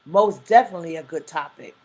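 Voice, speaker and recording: This livestream talk show host is a woman with a deep voice who talks fast, captured on poor audio. She chats casually, reads viewers' comments out loud, and throws in emphatic asides reminiscent of a preacher.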